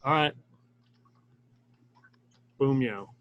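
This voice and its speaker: A man's voice: mid-range voice, very slow, dull audio. Laid-back male game player. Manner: laid-back, hesitant describing of moves. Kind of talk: casual chat.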